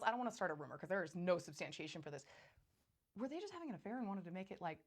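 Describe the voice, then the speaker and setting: A woman's voice: mid-range voice, big pitch swings, quick pace. A woman hosting a casual recap, chatting sarcastically and speaking straight to her viewers. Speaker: host.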